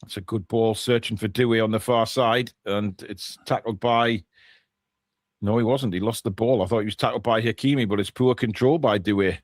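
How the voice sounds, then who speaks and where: A man's voice: lowish voice, steady tone, moderate pace, no room sound, clean studio sound. A man co-hosting a live football watchalong, giving chatty play-by-play with jokey asides. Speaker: watchalong co-host. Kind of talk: live match watchalong commentary.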